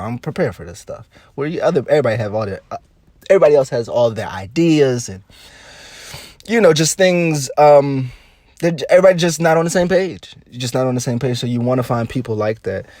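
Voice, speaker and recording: A man's voice: on the low side, darkish tone, no echo. A man giving casual, rambling commentary on celebrity news, laughing often and repeating himself.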